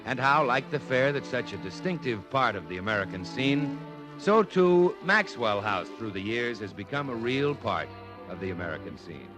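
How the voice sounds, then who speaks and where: Earnest old-radio announcer over loud music. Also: male voice, mid-range voice, very animated, moderate pace. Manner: smooth, earnest salesman delivery. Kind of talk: scripted commercial read.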